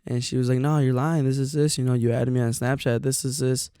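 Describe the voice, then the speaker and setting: A young man co-hosting a podcast, telling stories in a casual, profane, animated way and acting out the quotes. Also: mid-range voice, a little fast, clean tone, no echo, clean studio sound. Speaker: podcast co-host. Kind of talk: casual storytelling chat.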